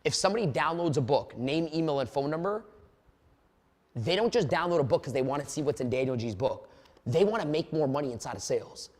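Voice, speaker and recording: High-voiced, fired-up male sales trainer. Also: fairly quick, in a large hall. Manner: energetic, profane, storytelling. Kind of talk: motivational webinar talk.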